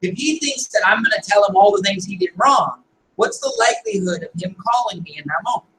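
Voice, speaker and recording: A man's voice: high-pitched, very animated, a little fast. A man coaching a group in a meeting, firing off rhetorical questions and checking in with "right?" after his points. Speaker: business coach leading a meeting. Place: meeting room. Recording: echoey room, distant mic, faint noise.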